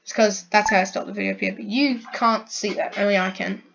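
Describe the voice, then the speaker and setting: A woman giving rambling, chatty commentary while playing a farming video game, full of likes and restarts, with loud game music behind her. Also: medium pitch, fairly even intonation, brisk, gravelly, dull audio, background noise. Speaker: gaming video creator. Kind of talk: let's play commentary.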